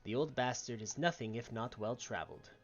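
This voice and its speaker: A man's voice: mid-range voice, fairly quick, faint music behind, lightly acted. Man doing a stern female admiral, grave, formal, game voice, dull audio. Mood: solemn. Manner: grave, formal, archaic speech.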